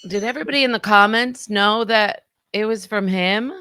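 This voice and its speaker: A woman's voice: medium pitch, moderate pace, sharp tone, clean tone, dry recording, clean studio sound. A woman in her thirties co-hosting a parenting podcast, playful and teasing in casual chat. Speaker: podcast co-host.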